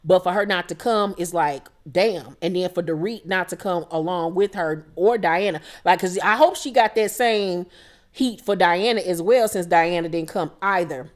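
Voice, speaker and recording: Blunt, profane woman recapping reality TV. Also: lowish voice. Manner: blunt, profane, quotes cast members in quick impressions. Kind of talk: casual recap commentary.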